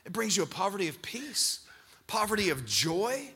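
A man preaching a sermon, rising to shouts as he acts out scripture scenes. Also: sits high, sing-song, moderate pace, husky. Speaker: pastor.

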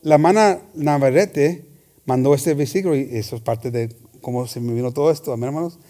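A man preaching a lively sermon, switching between Spanish and English and shouting for emphasis. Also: mid-range voice, fast talker. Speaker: pastor. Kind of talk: bilingual sermon.

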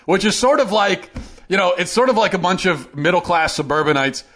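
A man hosting a political opinion show, delivering a sarcastic, animated monologue. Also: high-pitched, a little fast. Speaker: podcast host.

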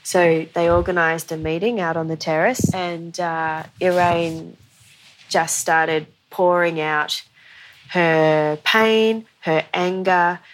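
A woman's voice: fairly low pitch, fairly even intonation, slow. A woman guest on a podcast, telling a long story in a conversational way, often saying "you know".

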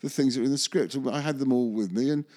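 A man's voice: medium pitch, fast, warm tone. A man, a magician, telling a rambling anecdote in an interview, often correcting himself and chuckling. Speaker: magician recalling film work.

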